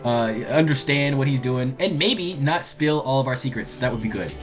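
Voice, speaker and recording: A man's voice: medium pitch, lively intonation, moderate pace, faint music behind. A man streaming a game, reading the characters' lines aloud in put-on voices and chatting between them. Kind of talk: let's play commentary with voiced dialogue.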